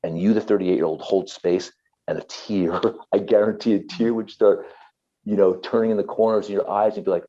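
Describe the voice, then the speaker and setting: A man's voice: fairly low pitch, fairly even intonation, fairly quick, dark tone, highs cut off. A man, a therapist and author, talking earnestly and passionately as an interview guest, often repeating himself.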